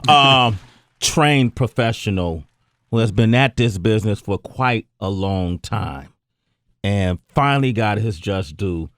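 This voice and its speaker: A man's voice: fairly low pitch, animated, takes it slowly, a bit bright, dry recording, clean studio sound. A man from Oakland, California, with a West Coast American accent, hosting a talk show in a playful, rambling way. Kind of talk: casual chat.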